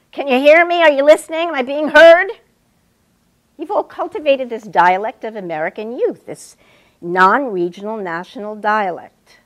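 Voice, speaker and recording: An actress playing an established woman writer who lectures her student with precise, pointed speech in a stage scene. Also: fairly high pitch. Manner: lecturing, precise, wide-ranging inflection. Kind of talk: stage scene performed on a talk show.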